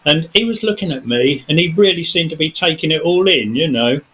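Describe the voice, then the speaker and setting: A man's voice: on the high side, lively intonation, fairly quick, a bit bright, a little hiss or hum, low-quality recording. Rambling man telling a story. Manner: rambling storyteller, many fillers and restarts. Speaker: studio guest. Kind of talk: casual chat. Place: TV studio.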